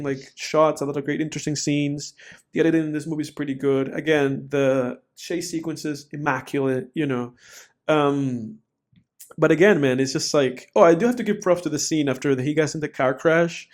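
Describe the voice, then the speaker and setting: A man with a fairly high voice co-hosts a casual film podcast. He rambles in an animated way, leaning on fillers as he works through his points. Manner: rambling, animated, frequent fillers like "you know". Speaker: podcast co-host. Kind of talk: casual film review chat.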